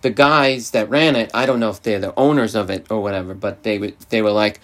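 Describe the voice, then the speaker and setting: A man's voice: lowish voice, fairly even intonation, fairly quick, few pauses, fairly bright tone. A man from New York with a New York accent, hosting a casual podcast chat and rambling with many fillers and restarts.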